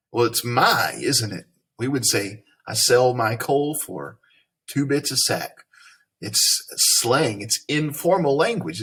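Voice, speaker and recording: A man's voice: mid-range voice, fairly bright tone, husky. A man from Tennessee with a Southern accent, teaching a reading lesson in a folksy way and asking leading questions. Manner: folksy, explains then asks leading questions.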